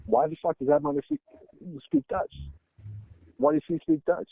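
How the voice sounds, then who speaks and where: A man's voice: a little high, lively intonation, rapid-fire, gravelly, no echo. A man co-hosting a podcast, rambling and thinking aloud while seeking agreement, heard over a tinny phone-like line. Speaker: podcast co-host. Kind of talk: casual podcast conversation.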